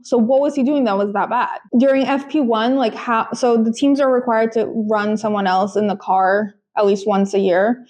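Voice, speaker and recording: A young woman co-hosts a podcast in casual chat, her fairly high, slightly mellow voice keeping fairly even intonation at normal speed with hardly any pauses. She's chatty, full of fillers and restarts.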